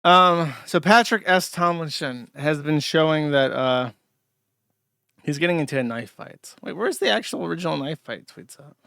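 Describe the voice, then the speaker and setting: Fields: Sex: man. Role: livestream host. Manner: rambling, profane. Pitch: fairly high. Room: dry. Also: moderate pace, gravelly, pushed and bright, dry recording. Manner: rambling, profane, easily exasperated. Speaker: show host. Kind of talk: casual livestream commentary. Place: home in a trailer park.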